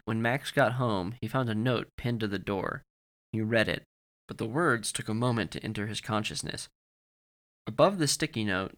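A man narrates a novel in a steady, matter-of-fact way. His voice sits fairly low but sounds bright and forceful. The delivery is even and plainly told, like an audiobook reading. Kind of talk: scripted narration of fiction.

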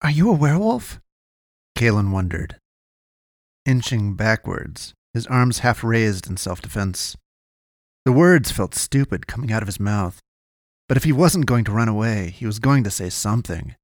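A man narrating a dark fantasy story in a measured, deliberate reading. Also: on the low side, no echo, clean studio sound. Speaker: audiobook narrator. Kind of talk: scripted fiction narration.

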